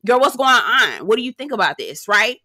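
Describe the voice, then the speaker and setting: A woman's voice: on the high side, sing-song, a little fast, pushed and bright, no echo, clean studio sound. A young adult woman giving a sassy, blunt, profane recap of a reality show, talking straight to her viewers. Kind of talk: casual recap commentary.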